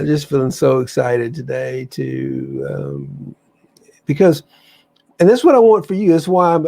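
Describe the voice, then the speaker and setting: Gravelly, husky man rambling on a livestream. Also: mid-range voice, mellow. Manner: rambling, enthusiastic, often restarts sentences. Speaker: livestream host. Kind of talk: casual spiritual livestream chat.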